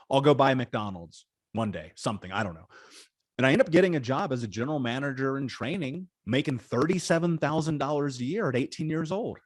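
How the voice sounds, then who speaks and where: An animated man in his thirties tells his life story as an interview guest. He talks in slang, swears freely and acts out the people in his story. His voice sits at an ordinary middle pitch and sounds close and dry. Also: dry recording. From Indiana, USA.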